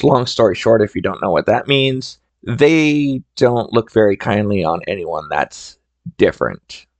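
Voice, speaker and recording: A man's voice: lowish voice, gravelly, no room sound. A man hosting a solo storytelling podcast, talking in a chatty, conversational way into a close mic. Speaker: podcast host.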